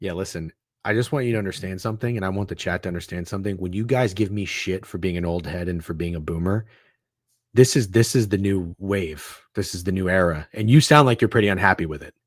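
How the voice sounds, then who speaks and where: A man's voice: sits low, fast, no room sound, clean studio sound. A man co-hosting a casual sports podcast, talking in profane, exasperated rants. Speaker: podcast co-host.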